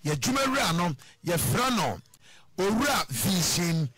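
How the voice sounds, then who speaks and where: A man presenting a radio talk show in a fairly high, bright voice. He is effusive, piling up thanks and shout-outs as he talks. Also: sing-song, measured pace, slightly rough, no room sound.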